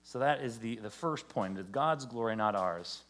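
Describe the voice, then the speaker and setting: A man's voice: medium pitch, animated, moderate pace, a bit bright. A man giving a conversational, joking sermon to a church, acting out quotes along the way. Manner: conversational, jokey preaching with acted-out quotes. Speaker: pastor. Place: church service.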